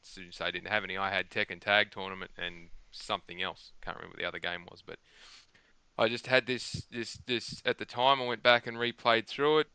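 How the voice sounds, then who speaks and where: A man's voice: lowish voice, sharp tone, clean tone, no echo. A man talking at length on a gaming podcast, rambling and emphatic, restarting his sentences often. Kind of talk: casual chat.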